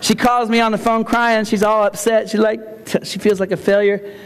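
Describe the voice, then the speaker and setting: A man's voice: high voice, little pitch movement, normal speed, clear, resonant tone. Joking man speaking in a big hall. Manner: joking, storytelling, repeats key phrases. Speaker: keynote speaker. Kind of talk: humorous conference keynote. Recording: long hall reverb.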